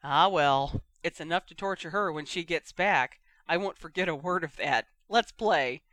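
Brief: reader doing a drawling, teasing older brother, crisp and bright. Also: mid-range voice, normal speed, dry recording, lightly acted. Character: mischievous young man, teasing older brother.

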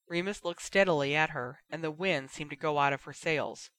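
A man narrating a fan fiction audiobook in a steady, expressive storytelling manner. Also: fairly high pitch, moderate pace, few pauses, clean tone, dry recording. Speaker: reader.

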